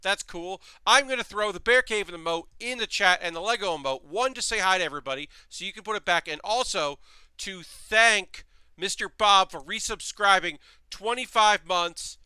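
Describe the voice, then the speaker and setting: A man's voice: high voice, moderate pace, bright, forceful tone, smooth, no echo. A man hosting a live stream in casual, rambling chat, reading messages from his chat aloud as he builds model kits.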